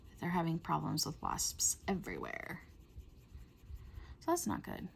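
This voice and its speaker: A middle-aged woman hosting a coloring video, chatting in a rambling way and often dropping to a soft whisper. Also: fairly low pitch, huge pitch swings, unhurried, creaky, a little hiss or hum. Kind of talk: casual chat while coloring.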